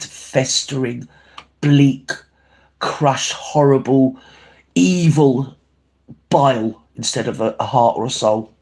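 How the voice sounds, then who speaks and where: A man's voice: mid-range voice, darkish tone, natural voice. A man playing a gossipy older grandmother who hosts a livestream, chatting with viewers and calling them babe and darling. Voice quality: chatty, calls everyone babe and darling, ranting. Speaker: livestream host. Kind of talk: livestream chat reading comments.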